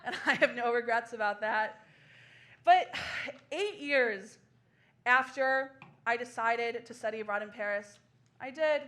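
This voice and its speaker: Woman, 20s, stand-up comedy monologue, high pitch, bright tone, self-deprecating, laughs mid-line. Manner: quick self-deprecating asides, laughing through lines. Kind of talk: solo comedy show monologue. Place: small theater stage with live audience.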